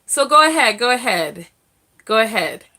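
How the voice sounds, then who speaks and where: A young woman from the Bronx, hosting a casual live call-in chat, chatty and quick to laugh while reading viewer comments aloud. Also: fairly high pitch, big pitch swings, bright, forceful tone. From the Bronx, New York. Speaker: live stream host.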